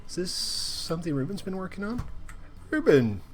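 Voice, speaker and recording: A young man hosting a live game stream, chatting playfully with bursts of loud cheering. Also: sits high, very animated, moderate pace.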